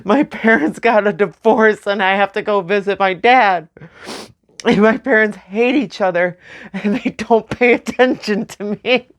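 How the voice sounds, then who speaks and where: A young woman speaking slowly and tearfully in a personal memorial vlog, with soft nervous laughs. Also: medium pitch. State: crying. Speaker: vlogger.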